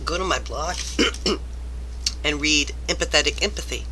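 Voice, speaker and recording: Woman vlogger, rambling rant, exasperated, very bright voice, faint background hiss. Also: sits low, lively intonation, a little slow. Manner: exasperated, rambling, self-reflective. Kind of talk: rambling personal rant to camera.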